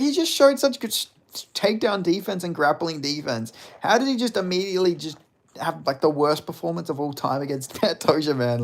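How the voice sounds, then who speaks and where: A young man chatting casually on a livestream, rambling and reading out comments, with lots of fillers and swearing. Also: a little high. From Australia. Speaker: streamer.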